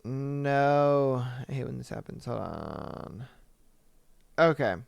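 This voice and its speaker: A young man hosting a podcast, reading stories aloud and reacting with swearing and loud outbursts. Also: mid-range voice, expressive, takes it slowly, gravelly, no room sound. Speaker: podcast host.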